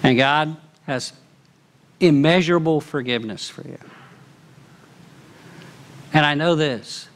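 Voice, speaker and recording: A man with a fairly high voice preaches a sermon to his congregation. He tells the story earnestly, swinging between lively, animated stretches and hushed, soft ones. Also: slow pace, long pauses. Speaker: pastor. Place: church auditorium.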